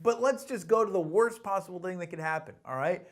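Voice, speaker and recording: A man giving an emphatic motivational talk as a sales coach, pushing listeners to act and swinging from hushed lines to punchy commands. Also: high-pitched, fairly quick.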